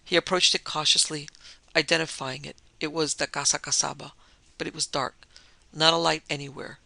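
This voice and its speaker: A man's voice: a little high, flat delivery, a little fast, gravelly, pushed and bright, no room sound. A man narrating a pulp adventure story in a dramatic, scripted storytelling style, close to the mic. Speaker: audiobook narrator.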